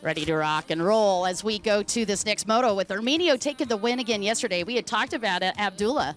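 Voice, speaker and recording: A woman's voice: mid-range voice, soft background music. A woman from Dallas doing chatty, upbeat live race commentary. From Dallas, Texas. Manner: chatty, upbeat, quick-talking.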